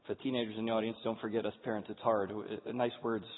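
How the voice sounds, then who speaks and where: Husky man telling a candid personal story. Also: fairly low pitch, level tone, racing. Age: 40s. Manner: earnest and candid, with frequent restarts. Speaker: speaker addressing an audience. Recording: tinny, echoey hall sound.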